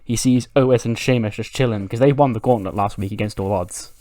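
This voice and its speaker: A man's voice: fairly low pitch, fairly quick, dark tone, no echo. A man casually recapping a wrestling simulation game in a loose, chatty way, swearing offhand. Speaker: game video creator.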